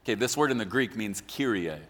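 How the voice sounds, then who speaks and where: A man preaching a sermon as pastor, animated and joking, acting out quotes in a large church. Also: fairly low pitch, brisk. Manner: animated, jokey, acts out quotes. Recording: long hall reverb.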